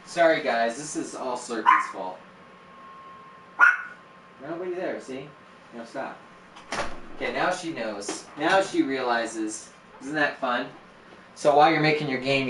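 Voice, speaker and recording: A medium-pitched man casually live-streams his game-building work, teasing himself as he talks through each step while a dog barks nearby. Background noise, roomy echo, and a slightly distant mic color the recording.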